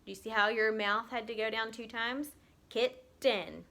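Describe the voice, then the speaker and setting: A woman teacher giving a recorded lesson to young children, patiently stretching out words so they can be heard clearly. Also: a little high, level tone, pushed and bright. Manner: slow, patient, drawn-out sounding of words.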